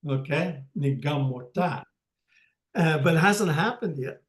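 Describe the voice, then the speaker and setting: An older man teaching a language lesson over a video call, speaking haltingly with many pauses and restarts. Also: on the high side, a little mellow, reverberant, poor audio.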